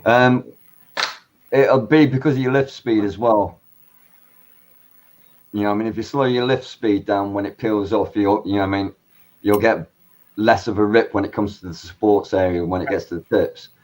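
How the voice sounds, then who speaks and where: A man on a video call, calmly explaining practical technical tips. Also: fairly low pitch, moderate pace, pauses often. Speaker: guest. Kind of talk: casual video call chat.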